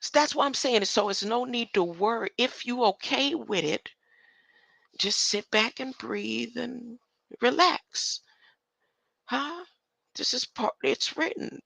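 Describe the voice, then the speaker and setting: A woman hosts a livestream with an unhurried, rambling monologue, peppering it with a questioning "huh?" and little laughs. Her voice is bright and edged with gravelly fry. The sound is dry, with no room around it. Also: a little high, lively intonation, dry recording, poor audio. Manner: tags lines with a questioning "huh?"; laughs between thoughts.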